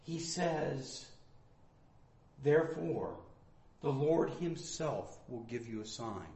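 A male pastor teaching from the Bible in a sermon, swinging between loud emphatic bursts and quiet asides. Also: medium pitch, takes it slowly. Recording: echoey room.

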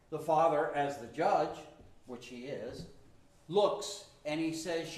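A male pastor preaching a sermon, telling the story with animated storytelling and joking asides. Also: a little high, takes it slowly, noisy background. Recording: echoey room.

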